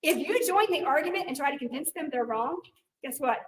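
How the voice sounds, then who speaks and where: A woman in her forties, a teacher giving a workshop talk in a dynamic, animated way, sometimes loud. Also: high-pitched, moderate pace, pauses often. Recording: echoey room, distant mic, faint noise.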